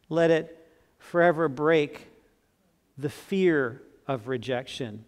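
A man in his sixties preaching a sermon as pastor, earnest, swinging from emphatic to soft and tender. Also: a little high. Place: church sanctuary. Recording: long church reverb.

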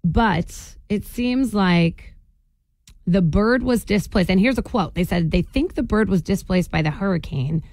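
A woman hosting a morning radio show, talking in a chatty, animated way and laughing often. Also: mid-range voice, unhurried, no room sound.

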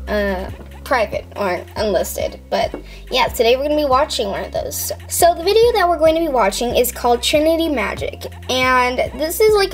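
A young woman in her teens hosting a casual reaction vlog, giggly and rambling with lots of ums and likes. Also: fairly high pitch. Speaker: YouTuber.

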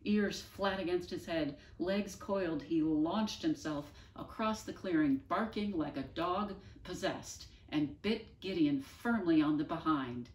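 Woman reading a kids book out loud, low-ish voice, mic far away. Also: measured pace, hardly any pauses. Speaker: storyteller. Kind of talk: reading a children's book aloud. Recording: roomy, distant mic.

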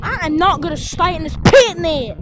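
A woman's voice: extremely high pitch, animated, moderate pace, background noise. A woman voicing toy characters in a fan skit, bickering and trading childish insults.

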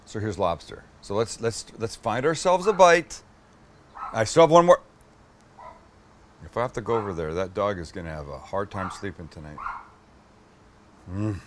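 With a little hiss or hum in the background, a middle-aged cooking show host digs into his food on camera, swearing with enthusiasm during a casual demo. His lowish voice is expressive at a moderate pace, broken by long pauses.

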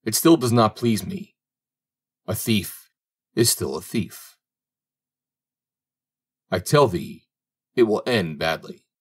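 Guy reading as old peasant dad, stern, worried, low husky voice, jumpy pitch. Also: animated, takes it slowly, long pauses, full character voice. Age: older. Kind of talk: audiobook reading.

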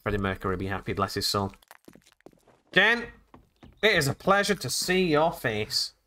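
A man's voice: mid-range voice, sing-song, normal speed, pushed and bright. A man hosting a let's play video, chatting and joking his way through a game and talking to the characters. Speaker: gaming channel host.

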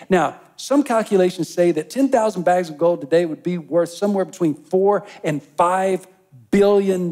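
A man's voice: fairly high pitch, a little mellow. A pastor preaching a sermon, reading a parable and speaking straight to his congregation with rising emphatic bursts. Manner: addresses the congregation directly.

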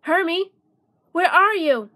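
A small storybook worm, eager and full of wonder, put on by a woman reading aloud. His voice is squeaky high and a little lifted above the narration. He speaks slowly and openly, like a child. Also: expressive, sharp tone, heavily acted. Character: young male worm, Hermie's friend.

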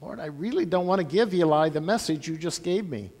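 A man's voice: on the high side, expressive, brisk, darkish tone. A man voicing the boy Samuel, eager and dutiful, in a Bible story told in a church. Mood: reluctant. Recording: long church-hall reverb.

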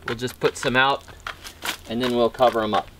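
A man's voice: mid-range voice, steady tone, normal speed, pushed and bright, slight background noise. A man chatting goofily and cheerfully in a casual vlog while planting seeds in an outdoor vegetable garden. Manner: chatty, goofy, upbeat. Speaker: gardening YouTuber.

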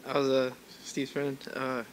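A man's voice: medium pitch, completely flat delivery, a little slow, slight background noise. A man speaking at a friend's memorial service, telling a story casually and rambling with fillers. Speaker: friend giving a eulogy. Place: church hall.

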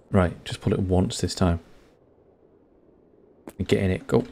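Deep-voiced man, dry gaming commentary. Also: flat delivery, takes it slowly, long pauses, mellow, slight background noise. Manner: dry, wry running commentary. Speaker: gaming channel host. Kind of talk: horror game let's play commentary.

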